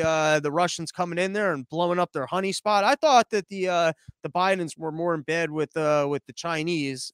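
High-voiced sarcastic male podcast host. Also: fairly bright tone, clear, resonant tone, no echo, studio quality. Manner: rambling, sarcastic and crude. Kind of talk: casual live-stream commentary.

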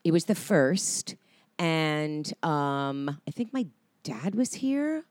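Actress guest, low and dry, rambling storyteller full of ums and restarts. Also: female voice, sing-song, slow, a little mellow, no echo. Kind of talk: casual interview storytelling.

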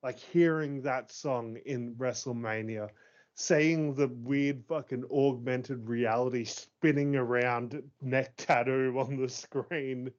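Excitable swearing man on a dull recording. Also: medium pitch, takes it slowly. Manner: excitable, swears freely, laughs often. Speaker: podcast co-host. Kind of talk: casual chat. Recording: dull lo-fi sound.

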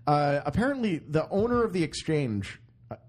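A man's voice: fairly high pitch, normal speed. A man hosting a podcast in casual banter, telling stories with jokes. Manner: joking, animated storyteller. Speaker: podcast host.

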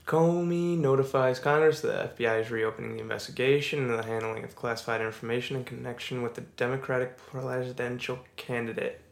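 A young man co-hosting a casual podcast, laid-back and quick to laugh, reading notes a bit haltingly. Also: mid-range voice, steady tone, creaky, echoey room. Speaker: podcast co-host. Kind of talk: casual chat.

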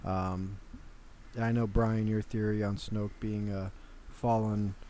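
A man with a fairly low voice chats on a podcast, thinking aloud and drifting into asides. A faint hiss of noise sits under his voice. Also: little pitch movement, takes it slowly, warm tone. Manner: musing, trails off into asides. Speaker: podcast co-host. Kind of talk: casual chat.

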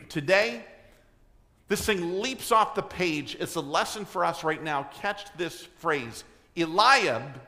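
Pastor, male, delivering an emphatic sermon in a church with rhetorical questions. Slow, deliberate delivery and a long-ringing hall. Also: high-pitched, pushed and bright. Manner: clears throat often. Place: church sanctuary.

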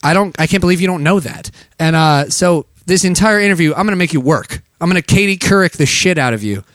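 A young American man co-hosting a comedy talk show, teasing his guest in excitable, jokey banter. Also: sits high, quick pace, dry recording, studio quality. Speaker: radio show co-host.

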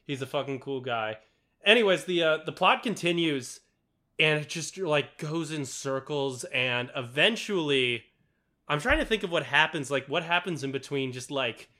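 A man's voice: fairly high pitch, expressive, moderate pace, pushed and bright. A young man chatting casually about a movie, rambling with lots of fillers and swearing. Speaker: podcast co-host.

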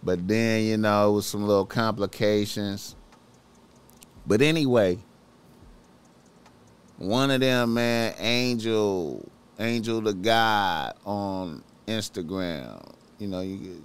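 Podcast host, male, low smooth voice, unhurried, slangy profane sermonizing to the audience. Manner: slangy, profane, preachy, repeats himself. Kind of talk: casual podcast monologue.

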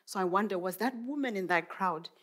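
A woman preaching a morning sermon at a mid-range pitch. She talks it through thoughtfully and muses aloud, asking her listeners question after question. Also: expressive, a little fast, fairly bright tone. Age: adult mother. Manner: reflective, musing with many rhetorical questions.

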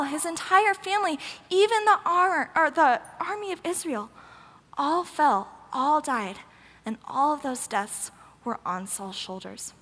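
A woman's voice: sits high, fairly bright tone. A young woman giving a casual, sarcastic, emphatic sermon in a church hall. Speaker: youth speaker. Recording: roomy hall with long echo.

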